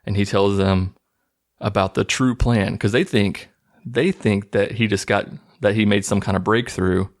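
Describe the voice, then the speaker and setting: A man with a lowish, gravelly voice talks through a movie's plot in a casual, sarcastic way. He sounds incredulous and amused as he mocks the story. The fry in his voice gives it a rough texture. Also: steady tone, unhurried. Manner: mocking, incredulous, loose. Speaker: movie recap host.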